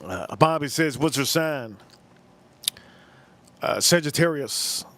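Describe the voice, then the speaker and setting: Brash rambling man on a livestream. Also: slow pace. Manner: brash, rambling, crude joking with chat; animated pitch swings, pitch jumps up when exclaiming. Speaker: livestream host reviewing whiskey. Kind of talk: casual livestream chat reading comments.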